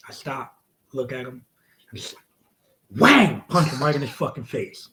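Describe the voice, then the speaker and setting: Male wrestler, forties, from the United States: loose, profane, animated storyteller with a mid-range voice. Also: mid-range voice, moderate pace, low-quality recording. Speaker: wrestler guest. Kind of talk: casual storytelling interview.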